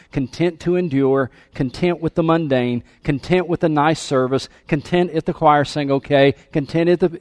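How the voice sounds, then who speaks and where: A man's voice: fairly high pitch, darkish tone, no echo. A male pastor preaching a sermon with emphasis, calling out questions to his congregation. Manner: emphatic, calls for congregation response. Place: church sanctuary.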